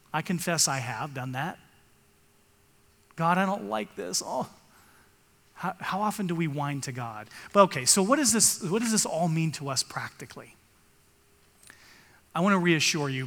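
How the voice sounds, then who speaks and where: A man's voice: a little high, fairly bright tone, long reverb tail. A male pastor giving an earnest sermon, reading scripture aloud and rising for emphasis.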